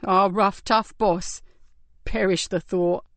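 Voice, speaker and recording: A woman reading an audiobook and voicing a weary, kind middle-aged male detective in a quiet, subdued way. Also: medium pitch, steady tone, takes it slowly, no room sound.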